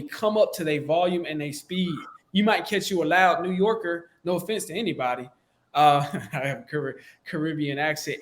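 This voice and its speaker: A man from the States, coaching in a relaxed, slangy, conversational way on a close microphone. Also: fairly high pitch. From Southern United States. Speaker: sales coach. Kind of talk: casual instructional talk.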